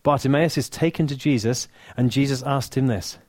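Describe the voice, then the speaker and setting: A man with an English accent preaching a sermon, earnest and warm, dropping to soft, hushed lines for emphasis, with touches of dry humor. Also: medium pitch, moderate pace, no room sound. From England. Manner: earnest, softening to near-whisper on key lines, dry humor.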